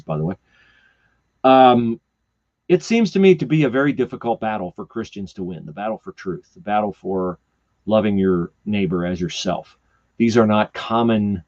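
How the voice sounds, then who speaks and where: A male podcast host talks through a Bible story in a casual, animated way. His pitch swings widely as he builds each point. The recording is a bit dull and lo-fi. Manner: animated storyteller who slips into character voices. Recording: slightly dull lo-fi podcast audio.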